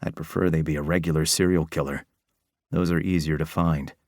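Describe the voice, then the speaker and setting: A man's voice: a bass voice, steady tone, fairly quick, darkish tone, no echo, clean studio sound. A man voicing a tired, grumpy male detective who talks in a blunt, grumbling way.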